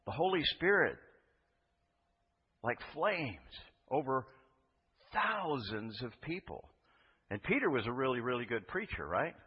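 A man's voice: mid-range voice, breathy edge. A man preaching a sermon in a conversational way, asking his listeners rhetorical questions. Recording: dull reverberant hall recording.

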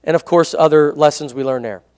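A man's voice: on the high side, brisk, a little mellow, clear, resonant tone. A male pastor preaching a sermon in a conversational way, often asking for an amen. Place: church hall. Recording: long hall reverb.

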